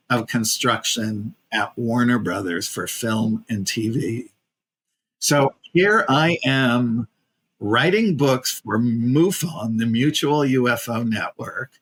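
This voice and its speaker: A man in his fifties, a casting director and podcast guest, telling a personal story in a lively, casual way, acting out the people he quotes and using plenty of fillers. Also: mid-range voice, slow pace, poor audio.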